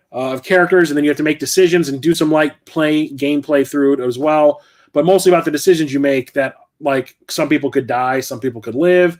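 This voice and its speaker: A middle-aged man chatting casually about his game collection, rambling, correcting himself and swearing freely. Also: a little high. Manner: rambling, profane, self-correcting. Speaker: game collector and channel host. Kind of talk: casual vlog chat.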